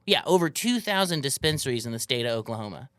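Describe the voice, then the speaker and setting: A man's voice: mid-range voice, big pitch swings, quick pace, a bit bright, no echo, studio quality. A man who is a guest on a podcast, chatting casually and telling stories animatedly, swearing freely. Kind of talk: casual chat.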